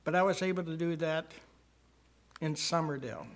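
An older man telling his personal testimony to a church congregation, earnest and rising to emphasis at key moments. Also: fairly high pitch. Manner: slow, earnest storytelling with swells of emphasis. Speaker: church member giving testimony.

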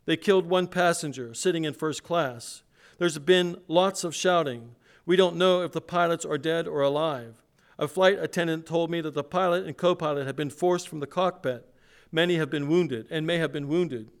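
A preacher reading a frightened plane passenger. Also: male voice, on the high side, normal speed, voice pushed up, natural voice. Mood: urgent. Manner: urgent, pressed, raised read-aloud delivery. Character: frightened male airline passenger calling for help.

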